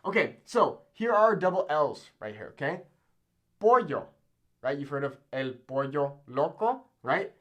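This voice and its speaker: A young man teaching a Spanish pronunciation lesson at a board, upbeat, repeating words slowly and checking in with "okay?" after each one. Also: on the high side, big pitch swings, fairly bright tone, dull audio. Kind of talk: whiteboard language lesson. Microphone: camera in a classroom-style setup at a board.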